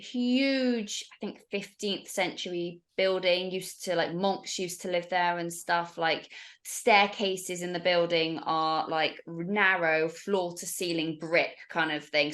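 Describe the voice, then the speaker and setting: Woman telling a story. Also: lowish voice. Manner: animated, acts out the voices of others. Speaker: podcast guest. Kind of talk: storytelling in casual chat.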